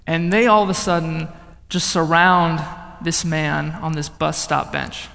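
A young man with a notably high voice tells his personal testimony, swinging from loud outbursts into hushed, quiet passages. His words ring out with a long reverb, as in a large hall. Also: fairly even intonation, unhurried, gravelly. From northern United States. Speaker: speaker giving a testimony.

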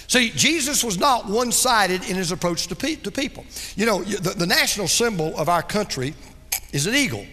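A man preaching a sermon as pastor, with dramatic delivery that drops soft and low for emphasis. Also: sing-song, a little fast, big-room sound.

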